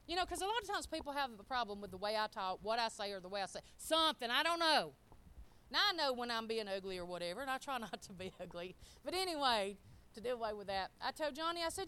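A middle-aged woman preaching a sermon. She speaks in a folksy, emphatic way and swings between loud and soft. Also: a little high, big pitch swings, moderate pace, smooth.

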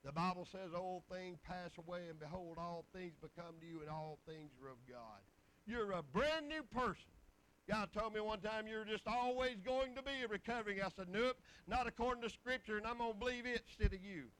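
A middle-aged man preaches a folksy, rambling sermon-testimony packed with scripture. His voice is high and a bit bright, at normal speed, on a rough recording.

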